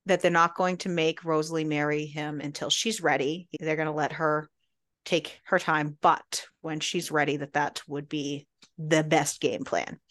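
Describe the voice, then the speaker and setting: A woman co-hosting a book club podcast, recapping the story in animated casual chat and acting out the characters' lines. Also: low-pitched. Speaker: podcast co-host.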